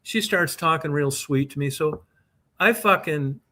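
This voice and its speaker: A podcast co-host with a bright, sharp-edged voice on the high side tells a long personal story at a measured pace on a casual show. He swears at nearly every turn and rambles freely, circling back through the tale, while his co-host offers short reactions in the background.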